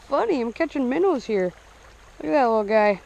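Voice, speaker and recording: A young man narrating his fishing trip casually outdoors, breaking into excited outbursts when he hooks a fish. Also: very high-pitched, gravelly, lo-fi sound, slight background noise. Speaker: fishing vlogger. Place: outdoors by a small stream. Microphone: action camera. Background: running stream water.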